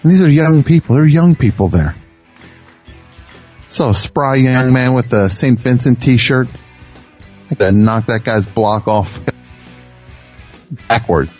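A man's voice: mid-range voice, a little slow, pauses often, darkish tone, highs cut off, faint music behind. A male radio show host rambling through a self-mocking comic monologue with many restarts.

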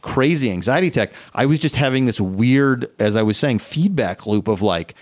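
A man in casual chat, telling an embarrassing story and acting out the people in it, jumping to a high panicky voice for himself. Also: normal speed, few pauses. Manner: animated, acts out his own quotes in a high panicky voice.

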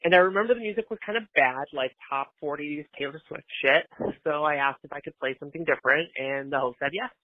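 A man's voice: a little high, fast, no echo. Voicemail caller: chatty man, a bit out of breath, tinny phone audio. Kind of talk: voicemail story.

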